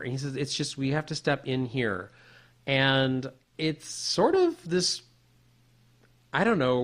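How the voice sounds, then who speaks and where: A man co-hosting a podcast, telling a personal story in a casual, animated way with many restarts. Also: on the high side. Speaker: podcast co-host.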